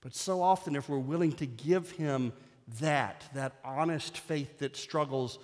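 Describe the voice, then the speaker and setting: A man's voice: a little high, a little slow, darkish tone. Man preaching in an echoing hall. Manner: storytelling, building to an emotional peak. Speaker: pastor. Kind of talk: sermon.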